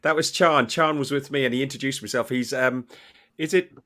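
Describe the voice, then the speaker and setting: A man's voice: medium pitch, fairly quick, pushed and bright. A man hosting a casual fan podcast, chatty and often repeating words as he goes. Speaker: podcast host.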